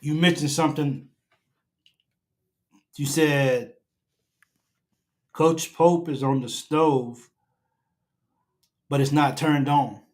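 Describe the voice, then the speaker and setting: High-voiced man ranting about his team. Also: steady tone, drawn-out words, long pauses. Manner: emphatic, preacher-like repetition, rising to near shouting. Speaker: fan show host. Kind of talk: casual sports reaction chat. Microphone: own camera setup at home.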